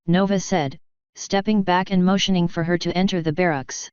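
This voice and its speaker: A woman reading a fanfiction story aloud in a steady, even narrating voice. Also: fairly low pitch, moderate pace, clear, resonant tone, no room sound, dull audio. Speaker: fanfiction reader. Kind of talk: audiobook narration.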